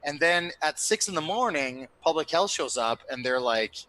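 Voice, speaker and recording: A young man casually telling a long anecdote over a remote call, animated and profane, often tagging on "right?". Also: on the high side, normal speed, low-quality recording. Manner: animated, profane, with frequent tag questions.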